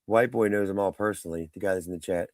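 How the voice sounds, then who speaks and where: A man's voice: deep voice, fast talker, a little mellow, slight background noise. A man hosting a casual live stream, rambling through his thoughts and mocking people in the chat. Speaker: livestream host.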